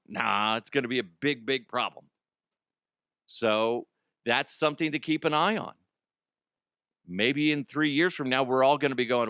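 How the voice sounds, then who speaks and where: A man's voice: mid-range voice, moderate pace, pauses often, bright, forceful tone, no room sound, clean studio sound. A man hosting a casual sports talk show, joking and self-mocking while reading a sponsor ad. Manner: joking, self-mocking, jumps into silly voices. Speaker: sports radio host.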